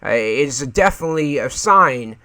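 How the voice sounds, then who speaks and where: A man hosting a gaming channel, chatting casually and reading an article aloud, pausing often with "uh". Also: medium pitch, animated, pushed and bright, slight background noise. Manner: hesitant, fills pauses with many "uh"s.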